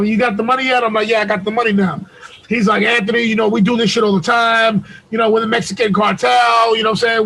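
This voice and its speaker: A man with a high, gravelly voice tells a long, foul-mouthed story over a video call. His tone is bright and sharp, and he raises his voice to act out each phone exchange. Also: rough recording. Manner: profane, animated storytelling, shouts when reenacting. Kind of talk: casual chat.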